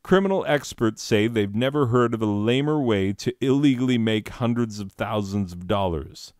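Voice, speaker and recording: A man's voice: on the low side, animated, normal speed, darkish tone, no echo, studio quality. Sarcastic man doing a mock news review. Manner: sarcastic, rambling, exasperated. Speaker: comedy video host.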